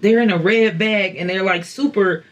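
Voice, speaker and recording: A woman's voice: medium pitch, normal speed. A woman with a Houston accent hosting a casual podcast, laughing a lot, swearing and teasing. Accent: Houston Texas. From Houston, Texas. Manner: loud laughing, swearing, playful. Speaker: podcast host.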